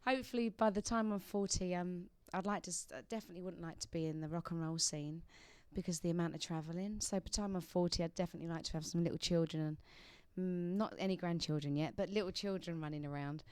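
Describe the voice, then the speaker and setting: A young woman from England chats as a radio interview guest, laughing often and restarting her sentences. Her voice is smooth and fairly low for a woman. The studio sound is close and dry. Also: quick pace, hardly any pauses, a little mellow, no room sound.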